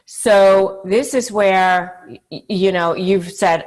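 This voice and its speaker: A woman's voice: mid-range voice, takes it slowly, darkish tone. A woman hosting a talk video, explaining her topic in a conversational, emphatic way with frequent fillers and short acted-out quotes. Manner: acts out quoted pleading lines. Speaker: channel host. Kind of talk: direct-to-camera advice talk.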